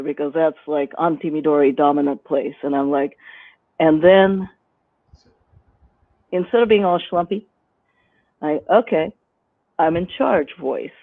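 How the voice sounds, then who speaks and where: Slow and deliberate with long pauses, a woman with a fairly low, steady voice teaches as a guest on a live stream. She illustrates each point by demonstrating it vocally, and the audio sounds dry and phone-like.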